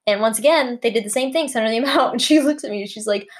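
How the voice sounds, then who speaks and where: A woman's voice: on the high side, very fast. A woman co-hosting a casual podcast, telling stories in a blunt, dry way. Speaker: podcast co-host. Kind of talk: casual chat.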